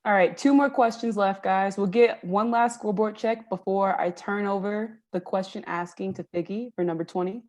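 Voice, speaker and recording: A woman's voice: medium pitch, moderate pace, few pauses, a little mellow. A woman hosting a live trivia game, upbeat and encouraging, laughing often. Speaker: trivia host.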